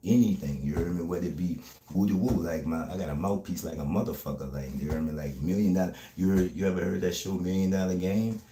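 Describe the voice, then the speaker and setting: A man, talking fast and streetwise in a casual livestream chat, often asking "you heard me". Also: sits low, dark tone, reverberant, slight background noise.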